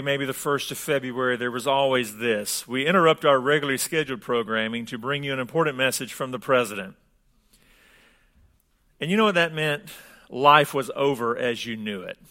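A man's voice: mid-range voice, pushed and bright. A man pastor giving a sermon, reading scripture and praying, then telling stories in a conversational, humorous way.

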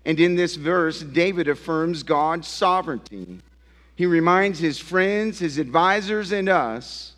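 A man preaching a sermon, emphatic and building to slow, forceful declarations. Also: on the high side, animated, big-room sound. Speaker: pastor.

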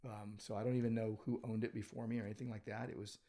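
Recorded in an office packed with books, this man is a pastor co-hosting a church podcast, speaking fast in a lowish, mellow voice with little pitch movement. His casual chat rambles, with many restarts and fillers.

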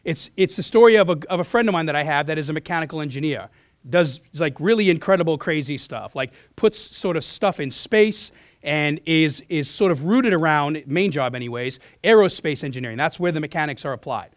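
A man preaching a sermon in a church as pastor, his voice hoarse from losing it, earnest, often restarting and clearing his throat. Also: on the high side, lively intonation, a little fast, dry recording, studio quality.

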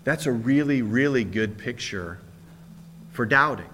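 A man preaching a sermon, telling the story with animated retellings and acted-out voices. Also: mid-range voice, a little slow, slight background noise. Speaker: pastor.

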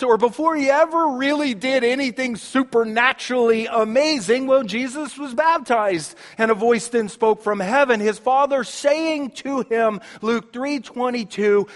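A man preaching a sermon as pastor, swinging between emphatic passages and soft, hushed ones, and repeating words as he builds a point. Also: extremely high pitch, long reverb tail.

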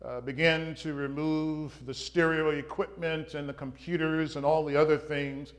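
A man preaching a sermon, opening with a joke, in a slow and halting delivery with frequent pauses and fillers. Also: on the high side, steady tone. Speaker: pastor.

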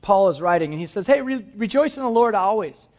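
A pastor preaching a sermon to his congregation, moving between soft, quiet lines and emphatic, raised passages. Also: sits high, animated, a little fast, muffled recording. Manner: dramatic shifts between soft and emphatic delivery.

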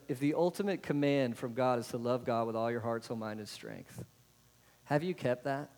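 A man preaching a sermon to a congregation. He keeps asking them rhetorical questions. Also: medium pitch. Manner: asks the congregation many rhetorical questions, adds "right?". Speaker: pastor. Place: church sanctuary. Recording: long hall reverb.

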